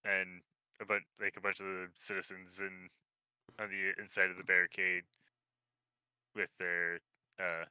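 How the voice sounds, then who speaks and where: A man narrating as game master of a tabletop game, relaxed and hesitant with many fillers. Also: deep voice, unhurried, pauses often, clear, resonant tone, no room sound, poor audio.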